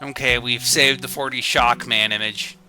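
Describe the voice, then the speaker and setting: A man's voice: mid-range voice, steady tone, moderate pace, sharp tone, soft background music. A man streaming a casual read-through of old comics, with sarcastic, joking asides and swearing.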